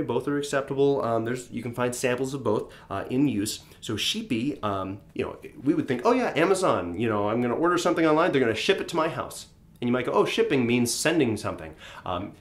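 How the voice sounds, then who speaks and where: Chatty low-voiced man teaching vocabulary. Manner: chatty, playful, with fillers and acted asides. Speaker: language teacher. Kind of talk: casual vocabulary explanation.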